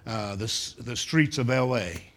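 A man's voice: medium pitch, expressive, unhurried, fairly bright tone. A male pastor preaching a sermon, telling a personal story in a folksy way with humorous asides to his congregation.

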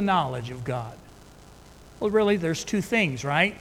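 A man preaching a sermon, reading scripture slowly and building to emphatic, fervent emphasis. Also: a little high, animated. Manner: slow, emphatic Bible reading that rises into loud fervor. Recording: reverberant hall with faint background noise.

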